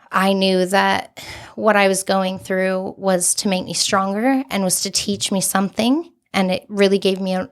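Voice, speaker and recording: A woman's voice: mid-range voice, creaky. A young adult woman, a podcast guest, telling a personal story in an earnest, candid way with many casual fillers.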